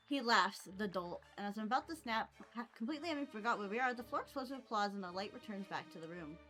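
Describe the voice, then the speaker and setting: Young woman, streamer, fairly high voice, giggly, expressive, reading a game aloud, desk mic, faint music behind. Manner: giggly, expressive, reacts with laughter and swearing. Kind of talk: reading a visual novel aloud with reactions.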